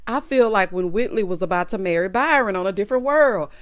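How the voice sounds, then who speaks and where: Talking fast at a medium pitch, a sassy vlogger recaps a TV episode with plenty of drama. She performs the characters' dialogue and keeps calling her listeners child, honey and baby.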